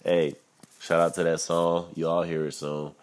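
A young man rambling casually on his own, loose and profane, muttering asides between louder bursts and breaking into laughter. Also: deep voice, level tone, measured pace. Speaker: solo commentator.

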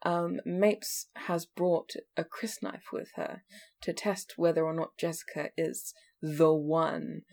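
A woman with a somewhat low voice talks through a book chapter on a casual podcast. She is chatty and laughs easily, with an offhand curse now and then. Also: flat delivery, takes it slowly, creaky, darkish tone. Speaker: podcast co-host.

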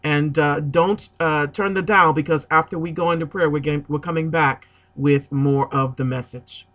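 Guy on gospel radio saying prayer's coming up, bright tense voice, lots of uh's. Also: fairly high pitch, fairly even intonation, normal speed. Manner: earnest, with frequent "uh" fillers. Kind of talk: radio announcement before prayer.

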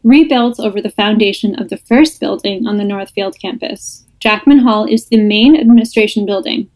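A woman's voice: mid-range voice, moderate pace, a little mellow, poor audio. A woman podcast host reading listener ghost stories aloud, breaking off for laughing asides.

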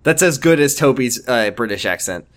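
A man's voice: medium pitch, expressive, normal speed. A man co-hosting a comedy podcast, reading fanfiction aloud and breaking off for joking side comments. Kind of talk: comedic dramatic reading with banter.

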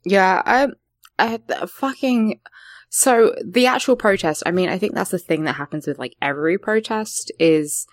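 A woman talking in a casual podcast chat, sarcastic and animated, swearing now and then. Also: medium pitch, moderate pace, dry recording, clean studio sound. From not from London.

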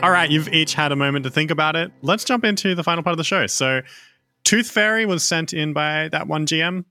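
A man hosting a casual comedy podcast game, announcing scores and segments in a brisk, upbeat way. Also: fairly high pitch, pushed and bright, soft background music. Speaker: game show host.

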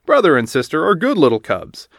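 A man's voice: fairly high pitch, wildly swooping pitch, fairly quick, dry recording, clean studio sound, pitched above the performer's own voice. Storybook papa bear, a man doing the voice: jolly, easygoing, reassuring. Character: cheerful, easygoing father bear.

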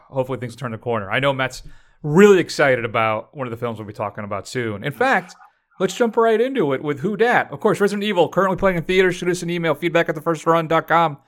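A man co-hosting a film review podcast, talking in a casual, animated, joking way. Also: on the high side, brisk. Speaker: podcast co-host.

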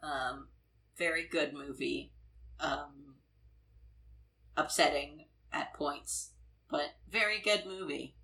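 Low bright-voiced woman, rambling chat. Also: slow pace, long pauses, poor audio. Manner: rambling, lots of "like" and "uh", laughs often. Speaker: podcast co-host. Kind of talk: casual film discussion.

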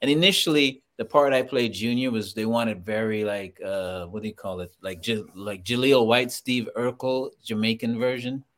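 A man's voice: lowish voice, moderate pace, hardly any pauses. A man from Trinidad with a Trinidadian accent, a guest telling stories with laughter in casual chat. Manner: laughing, animated storytelling. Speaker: guest actor.

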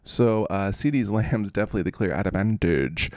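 A man's voice: on the low side, moderate pace, a little mellow, no echo, clean studio sound. A man hosting a podcast, giving casual fantasy sports commentary with goofy, rambling asides. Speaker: podcast host.

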